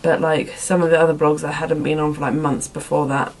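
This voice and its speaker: A woman's voice: low voice, flat delivery, a little fast, slight background noise, low-quality recording. A young woman answering viewer questions in a casual vlog, rambling and filling her talk with "like" and "um" in a put-on accent. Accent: put-on accent, not her own. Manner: rambling, lots of "like" and "um".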